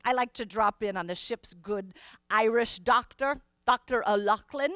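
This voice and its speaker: A woman performing a first-person historical monologue in character, telling her story in a slow, deliberate, expressive way. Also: on the high side, no echo.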